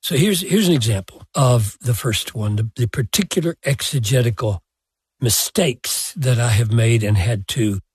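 Older pastor guy, breathy husky voice, super slow and thoughtful, dry studio sound. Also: mid-range voice, no echo. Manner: slow, deliberate, self-deprecating with chuckles. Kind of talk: reflective podcast answer.

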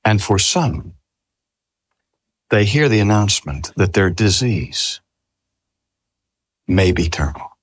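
Older man preaching with lively pitch. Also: slightly rough, no room sound. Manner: slow, measured delivery with lively rises and falls. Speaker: pastor. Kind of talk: sermon.

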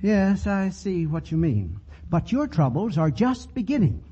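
A man hosting a 1940s radio comedy theater in a genial, chatty showman manner, with a husky voice on a dull old broadcast recording. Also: sits high, big pitch swings, measured pace, warm tone. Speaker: host.

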